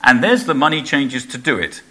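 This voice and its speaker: Give me a man playing an officious old priest, sharp-toned. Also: mid-range voice, lively intonation, brisk. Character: scheming male temple priests, older, officious.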